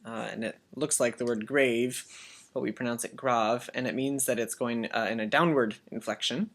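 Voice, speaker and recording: A man's voice: medium pitch, fairly even intonation, moderate pace, a bit bright. A man teaching a language lesson for children, patiently spelling out words and having learners repeat after him. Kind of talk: slow classroom language lesson.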